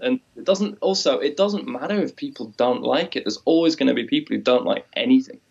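A man's voice: medium pitch, expressive, a little fast, creaky, slightly rough. A man in a casual chat who rambles through his thoughts in a reflective way. He breaks into quoted voices now and then, and the recording sounds slightly dull and lo-fi. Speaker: musician co-host.

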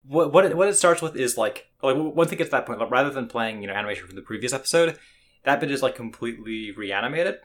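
A man's voice: medium pitch, lively intonation, fast talker. A man co-hosting an anime podcast, talking casually in a rambling way with lots of restarts and fillers. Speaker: podcast co-host.

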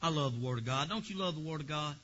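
A man preaching a fervent Pentecostal sermon, swinging from quiet asides to shouted praise. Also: on the high side, quick pace, lo-fi sound, a little hiss or hum.

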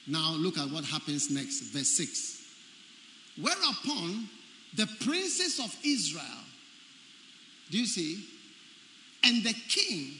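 A man preaching a sermon in a large, echoey hall, with faint ambience behind him. His voice sits high and bright, and it swings widely in pitch as he hammers home key phrases. He keeps checking whether his listeners are following. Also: slight background noise. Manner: emphatic, repeats key phrases, quizzes the congregation.

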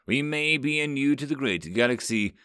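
A man's voice: mid-range voice, expressive, moderate pace, bright, forceful tone, clean tone, dry recording. A man voicing a shrewd male feathered alien merchant who speaks dryly and knowingly. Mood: wry. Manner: dry, knowing, sighing.

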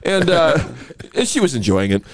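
A man's voice: on the high side, big pitch swings, moderate pace, dry recording. Teasing man on a dry mic. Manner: joking, teasing. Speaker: podcast co-host. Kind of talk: casual podcast banter.

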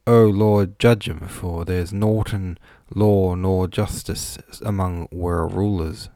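A man's voice: low voice, fairly even intonation, no echo, clean studio sound. A man voicing a scolding old servant. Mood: scolding, indignant. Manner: scolding, slow and loud. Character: grumbling pious old male servant.

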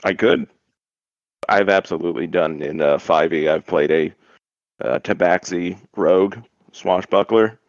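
A man's voice: low-pitched, unhurried, no room sound, dull audio. A man chatting casually and joking around at a game table, laid-back with trailing restarts. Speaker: player. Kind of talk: casual chat.

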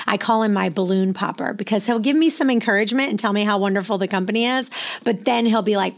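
Gravelly energetic motivational woman speaker. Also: medium pitch, fairly quick. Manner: energetic, storytelling with acted quotes. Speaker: real estate business owner. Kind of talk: motivational talk.

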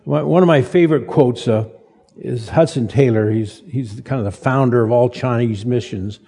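A man's voice: medium pitch, gravelly, mellow, husky. Older male pastor, folksy sermon in a hall. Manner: folksy, halting restarts, self-deprecating humor. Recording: reverberant hall.

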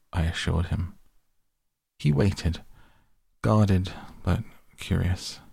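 A man reading a novel aloud in first person, slow, even and deliberate. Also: deep voice, vocal fry, breathy edge, dry recording, studio quality. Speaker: audiobook reader.

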